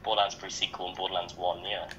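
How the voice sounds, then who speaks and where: A young man chatting casually while playing a co-op video game, quick and hesitant with many ums. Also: deep voice, flat delivery, pushed and bright, highs cut off. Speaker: co-op gamer. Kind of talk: casual gaming chat.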